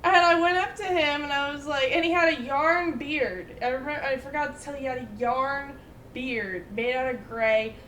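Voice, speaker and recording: A woman in her twenties chatting casually, telling lively stories full of fillers and quoted voices. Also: high voice, normal speed, echoey room, a little hiss or hum. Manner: animated storytelling with many fillers and quoted voices. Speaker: storyteller in casual chat. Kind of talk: casual chat.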